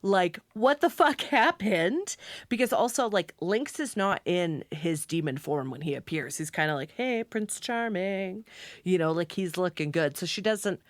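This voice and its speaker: A woman co-hosting a podcast in casual book chat, telling the plot with lively storytelling, frequent laughs and free swearing. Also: lowish voice, normal speed, dry recording. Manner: animated storytelling, swears freely, laughs often. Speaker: podcast co-host.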